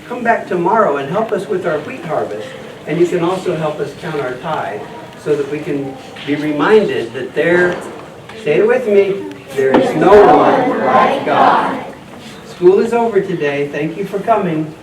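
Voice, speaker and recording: A man's voice: on the high side, lively intonation, normal speed, lightly acted. A man playing a friendly scribe teacher and farmer in a church children's skit, leading the kids in call-and-response. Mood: cheerful teaching. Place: church hall. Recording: echoey, distant mic, noisy room.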